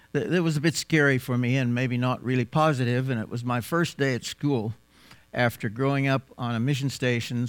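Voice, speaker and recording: A man with an American accent, raised in South Africa, giving a folksy, unhurried mission talk to a church congregation with frequent pauses. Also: medium pitch, clean tone, no room sound. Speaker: missionary guest speaker.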